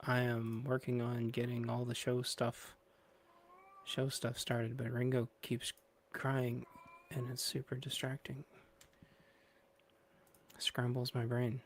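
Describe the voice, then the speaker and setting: A man's voice: medium pitch, monotone, takes it slowly, long pauses, a little hiss or hum. A man hosting a podcast livestream, chatting in a scattered, playful way and drifting off mid-sentence while waiting for his guest. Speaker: podcast host. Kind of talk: rambling livestream pre-show chat.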